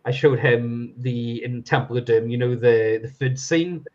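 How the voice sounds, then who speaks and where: A man's voice: medium pitch, fairly even intonation, unhurried, a little mellow. Rambling man, lo-fi sound. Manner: rambling, laughs often, swears. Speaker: podcast guest. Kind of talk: casual chat.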